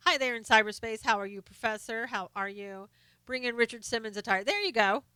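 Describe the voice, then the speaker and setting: A woman hosting a casual live stream, reading viewer comments aloud in a chatty, halting way full of fillers and restarts; she is losing her voice. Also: a little high, bright, forceful tone, clear, resonant tone, no echo.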